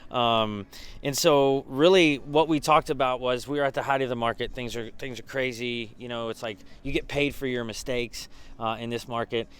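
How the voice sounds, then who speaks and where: A man's voice: mid-range voice, fairly even intonation, normal speed, a bit bright, clean tone. A man who leads a business mastermind group, giving a casual behind-the-scenes recap, with lots of fillers and restarts.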